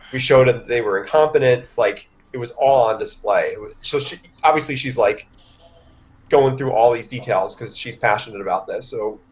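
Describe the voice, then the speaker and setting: A man taking part in a tabletop role-playing session, explaining his character's deeds in a casual, rambling way. His voice is mid-pitched. The audio sounds dull and lo-fi. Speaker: player.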